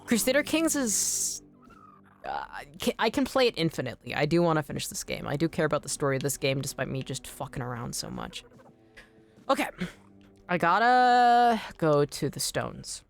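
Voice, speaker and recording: A woman streamer chatting casually while playing a game, rambling with many fillers, swearing freely and breaking into sudden excited outbursts. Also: deep voice, fairly quick, gravelly, soft background music. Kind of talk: casual live gameplay chat.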